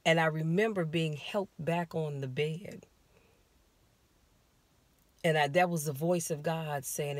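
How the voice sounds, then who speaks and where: A woman's voice: low-pitched, takes it slowly, long pauses, no echo. An American woman, a life coach, animatedly telling her listeners a personal story from inside her car. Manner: animated, confiding, talks straight to listeners.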